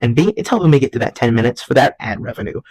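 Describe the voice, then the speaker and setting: A man's voice: medium pitch, lively intonation, rapid-fire, darkish tone, husky, dry recording, poor audio. A young man hosting a casual comedic vlog at home, rambling and jumping into silly voices. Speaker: vlog host. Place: at home while folding laundry.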